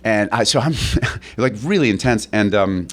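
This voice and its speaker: Middle-aged guy actor rambling through a story, lowish voice, keeps restarting and laughing, does the other people's lines higher. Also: expressive, normal speed. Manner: acts out others' lines in a raised voice. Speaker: interview guest, actor. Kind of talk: casual anecdote telling.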